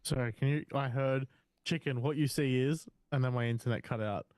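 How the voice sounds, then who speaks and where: A man's voice: medium pitch, fairly quick, darkish tone, no room sound. Eager stammering man playing a tabletop game. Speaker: player. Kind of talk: casual play over voice chat.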